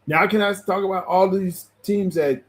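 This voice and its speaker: Male co-host, slightly higher voice, blunt and teasing, quick to laugh, casual sports talk. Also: fairly even intonation.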